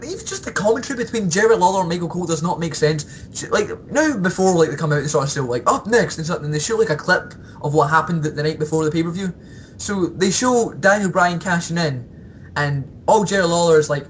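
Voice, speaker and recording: A man co-hosting a casual podcast, animated, laughing often and mimicking announcers. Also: high voice, quick pace, a little hiss or hum. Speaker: podcast co-host. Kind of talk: casual chat.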